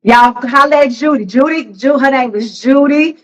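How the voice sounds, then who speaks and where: Woman, livestream host, slangy casual chat, fairly high voice. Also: moderate pace, lo-fi sound. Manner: chatty, spiritual talk, slangy and loose.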